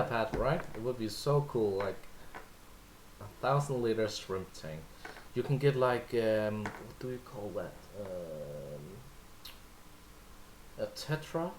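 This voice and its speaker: A Danish man, Danish by first language, hosts a livestream and chats casually with viewers, answering them in a playful way with lots of fillers. His voice is lowish, expressive and a little mellow, and he takes his time. There's a faint hiss or hum in the recording.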